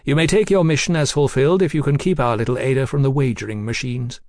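A man's voice: medium pitch, fairly even intonation, fast, a little mellow, no room sound, studio quality, voice pushed up, natural voice. Casting: narrator voicing a male superior, arch and mincing. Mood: ironic. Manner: mincing irony. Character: ironic, mincing male official.

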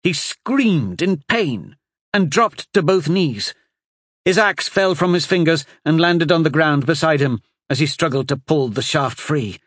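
A man reading a fantasy story aloud as narrator, in a steady, dramatic storytelling manner. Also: a little high, a little slow, dry recording, clean studio sound. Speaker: audiobook narrator. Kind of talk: scripted narration.

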